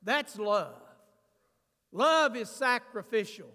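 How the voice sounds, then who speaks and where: Male pastor preaching in a church sanctuary, slow and deliberate delivery. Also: sits high, bright, forceful tone, long reverb tail. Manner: preaching with sudden swells of emphasis and asides. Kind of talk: sermon.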